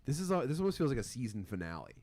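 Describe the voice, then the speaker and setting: A man hosting a casual podcast, riffing crude jokes in a dry, deadpan way. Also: mid-range voice, very fast. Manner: crude joking, deadpan riffs. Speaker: podcast host. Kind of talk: casual chat.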